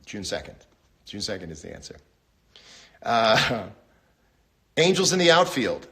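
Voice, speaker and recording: Wry, rambling man on a livestream. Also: measured pace. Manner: rambling, wry, deadpan humor with sudden pitch jumps. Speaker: host. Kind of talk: casual livestream monologue. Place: home. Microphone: phone livestream.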